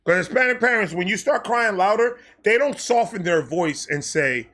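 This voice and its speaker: A man from New York with a New York accent telling a personal story in an animated, profane way, jumping between loud bursts and low muttered asides. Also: normal speed, few pauses. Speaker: storyteller host.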